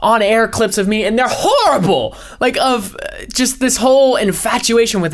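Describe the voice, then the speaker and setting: A young man, a podcast host and former radio DJ, rambling in a fast, high-energy casual way with lots of "like" fillers. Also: animated. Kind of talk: casual solo podcast rant.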